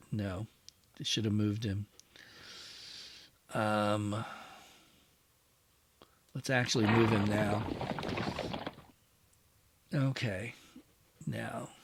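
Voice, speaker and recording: A man's voice: on the low side, fairly bright tone, slightly rough. A man hosting a strategy game play-through, musing aloud and talking to his units as he moves them. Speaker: wargame channel host.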